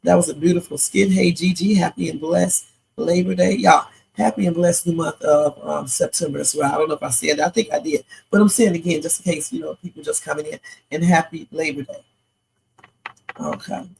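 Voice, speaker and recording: A woman's voice: lowish voice, steady tone, a little fast, gravelly, a little mellow, slightly rough, low-quality recording. A tired woman hosting a live reaction stream, chatting and rambling with preachy asides. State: sleepy, tired. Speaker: livestream reaction host. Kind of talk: casual live reaction commentary.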